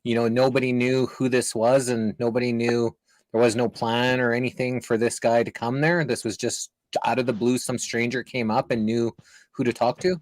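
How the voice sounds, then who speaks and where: A man interviewing a guest over a video call, speaking in a halting way with repeated words and fillers. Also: mid-range voice, level tone, no echo. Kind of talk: casual interview chat.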